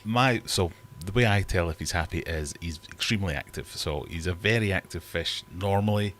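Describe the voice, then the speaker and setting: A man's voice: low-pitched, normal speed, a bit bright, slight background noise. A man hosting a casual livestream from his fish room, chatting in a rambling, self-deprecating way. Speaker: livestream host and fishkeeper.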